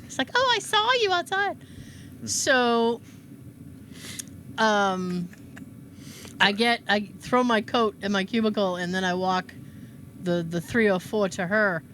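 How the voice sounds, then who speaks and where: A woman's voice: medium pitch, slow, pauses often, slight background noise. A woman in her thirties co-hosting a casual podcast, telling a story and acting out the dialogue. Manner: animated, acts out quoted dialogue. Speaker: podcast co-host.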